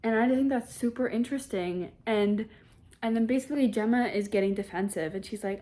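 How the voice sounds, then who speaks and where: A woman's voice: on the high side, normal speed, mellow. A young woman casually summarizing and reviewing a book at home, chatty and sarcastic, with lots of filler words. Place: home with a cat nearby.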